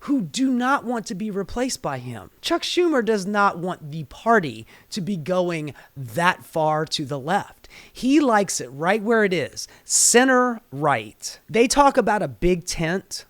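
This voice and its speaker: A man hosting a solo political commentary rant, cursing freely and dripping with sarcasm. His voice sits high for a man and sounds dry and close, with no room around it. He talks heated and blunt, straight at the listener. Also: very animated, unhurried, hardly any pauses, a bit bright, no room sound.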